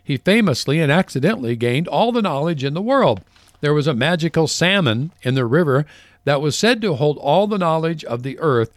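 A man's voice: fairly high pitch, lively intonation, fairly quick, no room sound. A man hosting a farm radio show, chatting casually and reading short segments in a folksy way. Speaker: radio host.

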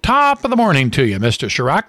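A man's voice: medium pitch, huge pitch swings, fast, a bit bright, no room sound. A man voicing a cheeky Irish pub man with an Irish accent and folksy, jaunty exclamations.

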